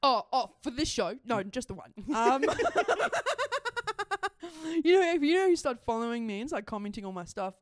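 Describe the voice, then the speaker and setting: A young woman in her twenties, co-hosting a casual podcast and telling excitable stories while laughing often. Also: on the high side, normal speed, dry recording, clean studio sound. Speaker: podcast co-host. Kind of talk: casual chat.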